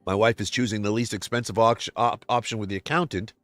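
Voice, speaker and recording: An upset man hosting a livestream, giving an emotional personal monologue. He vents with passion and swings between quiet, low stretches and loud outbursts. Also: steady tone, fast talker, dry recording. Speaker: livestream host.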